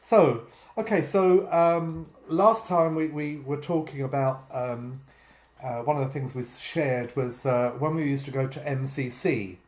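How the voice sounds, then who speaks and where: A man's voice: medium pitch, steady tone, a little slow, darkish tone. A man co-hosting a casual vlog, telling stories and jokes with many ums and uhs. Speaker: vlog co-host. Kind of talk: casual storytelling chat. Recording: echoey room.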